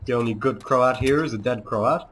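A man's voice: mid-range voice, fairly quick, a bit bright, a little hiss or hum. Man doing a put-on Serbian accent. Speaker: let's play host. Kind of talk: gameplay commentary.

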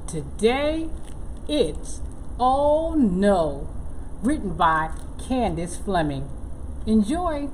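A woman children's librarian welcoming viewers slowly to a puppet story. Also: medium pitch, big pitch swings, a little hiss or hum, low-quality recording. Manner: slow, friendly, storytime delivery. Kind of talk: welcoming introduction.

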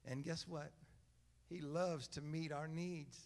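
A man's voice: a little high, steady tone, takes it slowly, darkish tone. A man preaching a sermon, speaking emphatically and driving points home by repeating short phrases. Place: church hall. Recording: echoey church hall, faint music.

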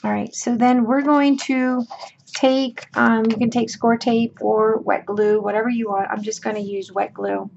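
Chatty woman with a worn-out, gravelly voice. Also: a little high, little pitch movement, measured pace, a little mellow. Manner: chatty, folksy asides, frequent ums and okays. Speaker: craft tutorial host. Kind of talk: casual step-by-step craft demo. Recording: dull lo-fi with clear room noise.

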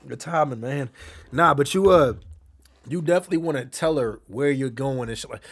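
A young man hosting a live-stream reaction, loud and excitable, often calling out to his chat. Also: fairly high pitch, moderate pace, slightly rough.

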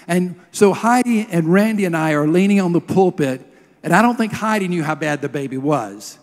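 A man preaching a sermon, telling a healing story with emotion and leading a prayer. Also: high-pitched. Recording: long hall reverb.

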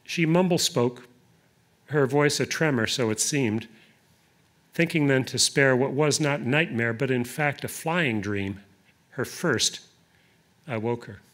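Man, poet, live poetry reading, deliberate, hesitant asides. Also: mid-range voice, fairly bright tone.

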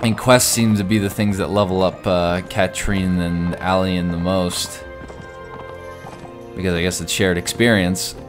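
A man with a fairly low voice chats loosely as he plays, stringing thoughts together with lots of "like". He breaks into sudden loud exclamations, with soft game music under him. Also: level tone, a little slow. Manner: rambling, many "like"s, sudden exclamations. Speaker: gaming video host. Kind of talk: casual gameplay commentary.

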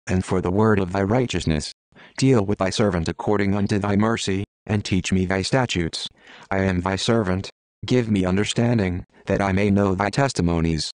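Deep guy reading scripture slow and solemn, dry no-room sound. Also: dry recording. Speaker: scripture reader. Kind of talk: steady scripted Bible reading.

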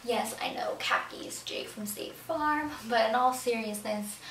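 A young woman chatting about her clothing haul in a bubbly way, sometimes dropping to a whisper for asides. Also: fairly high pitch. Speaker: fashion vlogger. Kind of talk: casual clothing haul talk. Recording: echoey room, camera at a distance, faint background noise.

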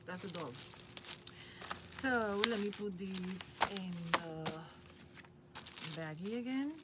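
Slow-talking, gushing woman. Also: medium pitch, lively intonation. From Puerto Rico. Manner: gushing, enthusiastic. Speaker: craft channel host. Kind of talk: unboxing craft mail. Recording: noticeable background noise.

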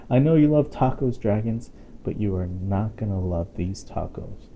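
A man's voice: lowish voice, moderate pace. Playful man reading a picture book. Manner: playful and expressive, chatty asides to a listening child. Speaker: storytime reader.

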